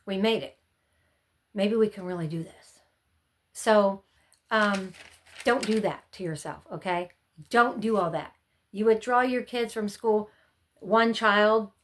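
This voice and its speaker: A middle-aged woman chatting casually to camera, giving rambling, friendly advice from her years as a homeschooling mom. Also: mid-range voice. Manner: chatty and rambling, often acts out her own past panics.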